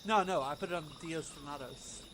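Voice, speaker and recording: A man playing in a tabletop game, chatting in a quick, scattered and playful way. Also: a little high. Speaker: player. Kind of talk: casual tabletop game chat. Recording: loud crickets behind.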